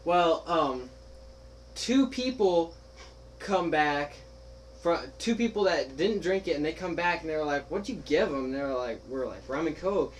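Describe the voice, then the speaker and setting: A man's voice: on the high side, normal speed, slight background noise, low-quality recording. A young man casually telling a story to friends, acting out what others said and laughing along. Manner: animated, laughing, acts out quoted friends. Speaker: podcast host telling a story.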